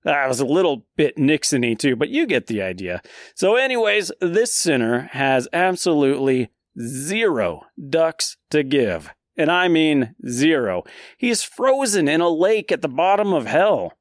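A man hosting a podcast, retelling a classic poem in a casual, jokey way and dropping into quick silly voices for the characters. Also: on the high side, sing-song, dry recording, studio quality. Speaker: podcast host.

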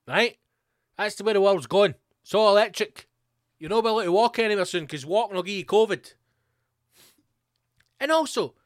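A man's voice: high-pitched, a bit bright, no room sound, studio quality. A man with a Glasgow accent hosting a podcast, ranting solo in a sweary, sarcastic, rambling way. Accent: Scottish, Glasgow. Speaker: podcast host.

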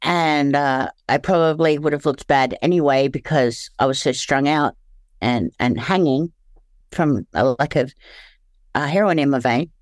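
An Australian woman telling her story candidly as an interview guest, halting and searching for words, often restarting. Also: very deep voice, dry recording.

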